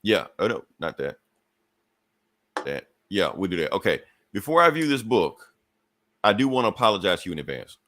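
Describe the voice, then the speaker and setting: A man's voice: low-pitched, sing-song, moderate pace, long pauses, fairly bright tone. A man co-hosting a podcast, casually recapping a comic book plot with loose, profane phrasing and frequent "you know". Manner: chuckles between points. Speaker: podcast co-host.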